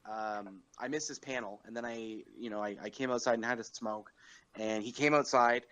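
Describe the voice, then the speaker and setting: A young man hosting a podcast in a relaxed, chatty way, pitched mid-range for a man. He rambles, fills pauses with ums and uhs, and laughs at his own stories. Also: rough recording. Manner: rambling, with many fillers and chuckles. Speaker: podcast host. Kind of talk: casual podcast chat.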